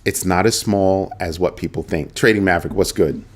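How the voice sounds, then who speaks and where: A middle-aged man hosting a casual livestream, animated and chatty, talking straight to his viewers and often repeating himself. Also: low-pitched, moderate pace. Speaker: host of a crypto livestream.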